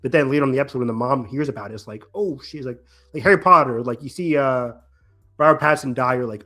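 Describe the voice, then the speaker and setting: A man co-hosting a casual podcast recap, talking in a rambling, animated way with many restarts and quoted reactions. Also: medium pitch, quick pace. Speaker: podcast co-host.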